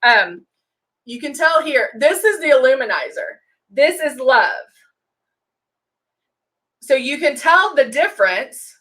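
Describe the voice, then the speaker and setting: High, bright chatty woman. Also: sing-song, takes it slowly, long pauses. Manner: chatty, greets viewers by name mid-sentence. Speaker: makeup live stream host. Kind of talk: casual demo chat.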